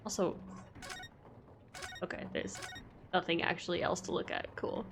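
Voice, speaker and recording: A woman's voice: on the low side, fairly even intonation, moderate pace, background noise. A woman streamer casually playing a story game, reading the lines aloud in a playful, giggly way. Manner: playful, giggly, self-deprecating.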